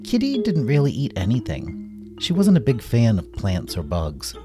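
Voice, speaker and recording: A man narrating a children's story in a playful, animated way. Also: medium pitch, normal speed, faint music behind.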